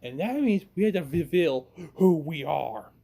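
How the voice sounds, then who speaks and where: A fan narrator voicing a weary teenage boy hero, speaking quietly and hesitantly. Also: medium pitch, expressive, measured pace, vocal fry. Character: teen boy hero, hiding a secret, weary.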